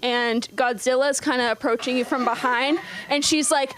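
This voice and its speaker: A young woman nervously rambles through her first open-mic stand-up set on a comedy club stage, full of ums and likes. Her voice sits high and bright with a steady tone, normal speed and few pauses, and live audience noise is audible.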